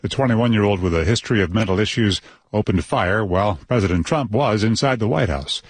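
A man anchoring a radio newscast, reading headlines with a brisk, measured delivery. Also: mid-range voice, breathy edge, no room sound. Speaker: news anchor. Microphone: dry studio mic.

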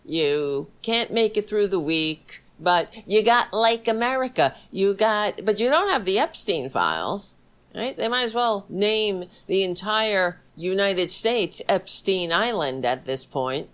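Scornful woman ranting, slow and animated. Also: mid-range voice, clear, resonant tone. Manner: scornful, insulting, sarcastic. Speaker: livestream host. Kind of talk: angry political commentary.

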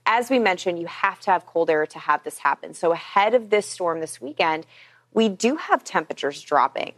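A woman's voice: fairly low pitch, expressive, moderate pace. A woman meteorologist chatting through a weather forecast on air, explaining things in a friendly, upbeat way.

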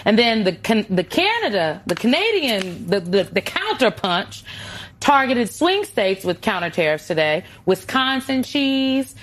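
A woman's voice: mid-range voice, sing-song, unhurried, a bit bright, slight background noise. A woman co-hosting a news talk show, chatty and amused, stumbling over her words and restarting. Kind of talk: casual news chat.

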